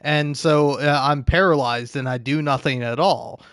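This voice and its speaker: Rambling, profane man with a smooth voice. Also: a little high, normal speed, a bit bright, dry recording, clean studio sound. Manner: rambling, profane, self-deprecating, laughs often. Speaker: live streamer. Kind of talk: casual rambling stream chat.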